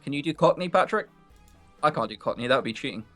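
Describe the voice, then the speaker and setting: A man's voice: medium pitch, lively intonation, fast, a bit bright, soft background music. A young man from Sussex with a southern English accent, hosting a game stream in casual, joking chat and laughing often. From Sussex, England. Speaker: let's play host.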